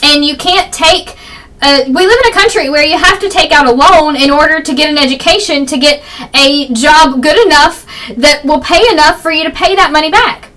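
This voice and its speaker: A young woman with a high, bright voice talks rapidly and rambles through her opinions in a casual home vlog. Her voice is a little froggy. She sounds some distance from the camera mic. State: slightly froggy voice. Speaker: vlogger. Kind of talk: fast casual political vlog.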